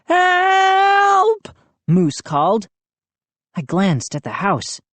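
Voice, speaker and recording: A woman reading a first-person children's novel as an audiobook narrator, measured and expressive. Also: deep voice, dry recording.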